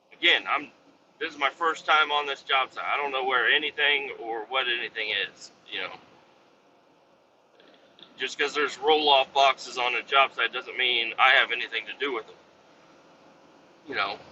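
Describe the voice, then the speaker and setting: A man's voice: mid-range voice, bright, forceful tone, dull audio, slight background noise. A man telling a rambling story about his trucking job, swearing casually and acting out coworkers in a raised voice. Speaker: truck driver. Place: inside a truck cab.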